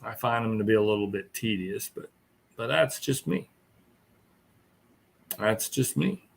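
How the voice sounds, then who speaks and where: A man's voice: on the low side, animated, measured pace, creaky, slight background noise. A tired man hosting a casual live stream chat, rambling and chuckling as he greets viewers. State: tired, yawning.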